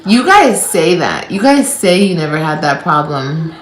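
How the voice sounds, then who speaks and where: A woman talking loosely to her viewers in an animated, rambling live chat. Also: sits low, unhurried, roomy sound, soft background music, rough recording. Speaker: livestreamer.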